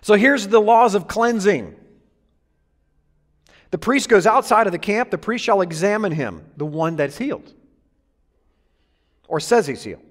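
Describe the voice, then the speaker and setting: High-voiced preacher in an echoey hall. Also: male voice, animated, unhurried, long pauses. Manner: joking with the congregation, drawing amens and laughs. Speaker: pastor. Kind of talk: sermon. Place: church hall with congregation.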